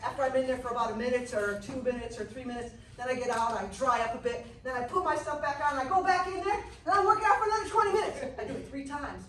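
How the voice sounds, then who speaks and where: A woman teaching a health class who tells her stories in an animated way and often laughs. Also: sits high, fast talker, hardly any pauses. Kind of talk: casual storytelling class. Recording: echoey room, mic far off, noisy.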